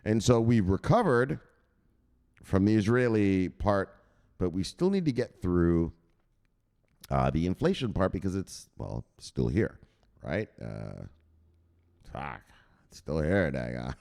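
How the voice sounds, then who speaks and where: Male crypto-channel host, lowish voice, very lively delivery, profane and offhand. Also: slow, creaky, pauses often. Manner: animated, swears freely, mocks imagined viewers in a high squeaky voice. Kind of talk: casual explainer talking over a chart.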